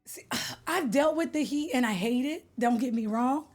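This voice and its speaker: A woman's voice: high-pitched, moderate pace, a little mellow. A young adult woman from California, streaming and chatting casually with her viewers in a playful, slangy way, greeting them by name. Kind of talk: casual chat with live viewers.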